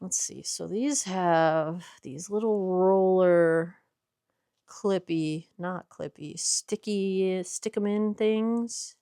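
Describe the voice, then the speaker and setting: A chatty woman talks viewers through a craft project in her workshop, her voice a little low for a woman. The sound is close and dry, with almost no room echo. She explains as she works and corrects herself mid-sentence. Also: extremely slow, dark tone, clear, resonant tone. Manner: chatty, explains while working, self-correcting. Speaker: small business owner making skincare. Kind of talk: casual vlog with instructions.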